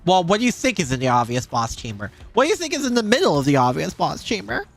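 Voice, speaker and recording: A woman's voice: fairly low pitch, sing-song, fast talker. A woman voicing a blunt, teasing engineer girl in a game scene.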